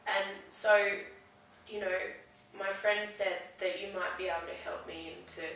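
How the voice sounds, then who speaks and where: A woman talking haltingly as a client in a counselling session, with many restarts. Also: medium pitch, fairly even intonation, fairly bright tone, a little hiss or hum. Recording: echoey room, far from mic.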